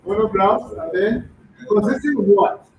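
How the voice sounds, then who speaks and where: A man's voice: high voice, a little slow, noisy background. A man teaching a classroom lesson, often quizzing the students with questions. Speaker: language teacher. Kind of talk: classroom lecture. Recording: dull echoey room from far off.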